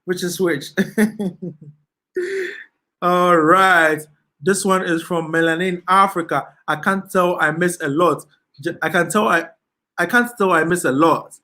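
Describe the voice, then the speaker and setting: Ghanaian guy reading comments on his live stream, slow and easygoing, kinda high voice. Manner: slow, relaxed, laughs often, slips into Ghanaian Pidgin.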